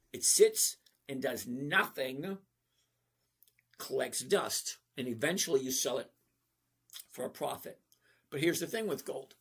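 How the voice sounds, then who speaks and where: A man's voice: medium pitch, husky. A man in his sixties hosting a live trading stream, chatting casually and answering viewers by name. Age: 60s. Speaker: stock trading livestream host.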